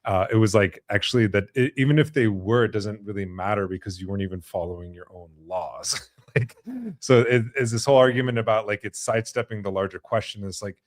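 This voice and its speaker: A podcast host with a low voice leads a conversational interview, haltingly working through his points with many "you know"s and restarts. He's recorded close and dry, with no room sound.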